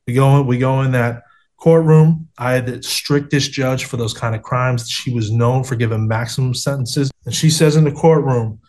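A man's voice: mid-range voice, moderate pace, darkish tone. A man telling his faith story in an interview over a video call, earnest and street-casual, often saying "man" and "bro".

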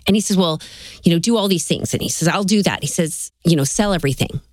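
A woman comedian chats as a podcast guest, her voice sitting a little low. She is playfully self-deprecating and acts out other people's lines with relish. The sound is dry and close, with no room around it. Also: fast, darkish tone, dry recording. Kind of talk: podcast conversation.

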